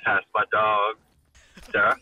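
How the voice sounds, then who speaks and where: A young man streaming from his car, teasing his friends in profane banter while his voice is going hoarse. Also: fairly low pitch, completely flat delivery, slow pace, bright, forceful tone, low-quality recording. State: losing his voice. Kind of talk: casual chat with friends.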